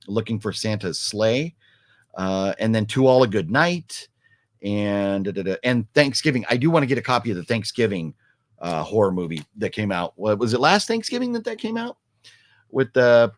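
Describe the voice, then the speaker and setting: A man's voice: medium pitch, no room sound. A man talking casually on a live stream, rambling with lots of fillers and restarts as he answers chat. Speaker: vlogger reading live chat.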